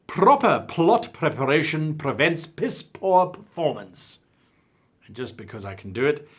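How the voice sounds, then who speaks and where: Lively husky-voiced South African man. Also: mid-range voice. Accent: South African English, with crisp British-style diction. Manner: theatrical, lively delivery with drawn-out emphasis. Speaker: channel host. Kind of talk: talking-head advice video.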